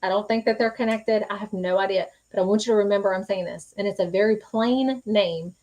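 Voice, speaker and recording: A woman's voice: medium pitch, a little fast, darkish tone, lo-fi sound. A woman hosting a live-stream psychic reading, earnest and reassuring, speaking folksy with many fillers. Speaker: psychic medium host.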